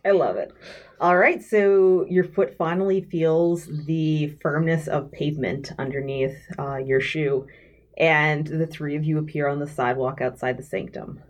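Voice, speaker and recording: A woman's voice: deep voice, fairly even intonation, a little slow. A woman narrating a tabletop role-playing game as game master.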